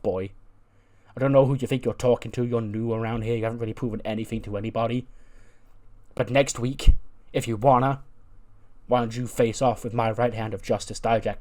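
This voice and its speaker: A man casually narrating a wrestling game, retelling each character's promo in quick, filler-heavy speech. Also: mid-range voice, darkish tone. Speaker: let's-play narrator.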